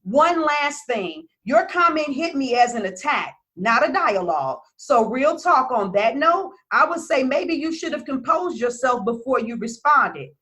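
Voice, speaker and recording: A woman's voice: high-pitched, very animated, a little slow, few pauses, pushed and bright. A woman business coach talking casually to her followers, blunt and emphatic, swearing freely.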